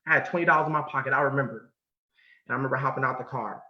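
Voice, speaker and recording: A man from California giving a motivational talk, telling a personal story with emphasis and sudden drops to a hush. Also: medium pitch, racing. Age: adult. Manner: emphatic, swinging from loud to hushed, repeats phrases. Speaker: motivational speaker. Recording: muffled sound in an echoey room.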